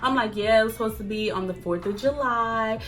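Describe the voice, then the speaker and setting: Bright-voiced young woman telling a story. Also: fairly high pitch, a little fast, faint music behind. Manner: animated, acts out quotes, laughs often. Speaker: vlogger. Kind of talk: casual storytime chat.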